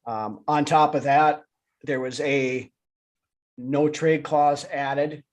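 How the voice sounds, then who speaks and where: A man's voice: on the high side, steady tone, takes it slowly. A man co-hosting a live sports talk show, chatting casually with lots of fillers and restarts. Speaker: podcast co-host.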